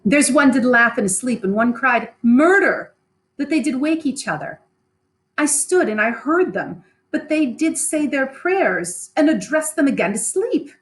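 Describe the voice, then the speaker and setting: A woman's voice: high-pitched, lively intonation, unhurried, voice pushed up. A woman voicing a shaken, guilt-ridden nobleman who rambles in shock, in a raised, strained reading. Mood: rambling.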